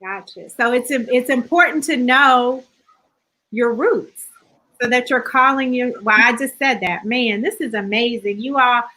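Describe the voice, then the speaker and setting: A woman hosts an interview with a curious, affirming manner and often checks how names are spelled. Her voice is bright and sits a little high. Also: unhurried, low-quality recording. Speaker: host.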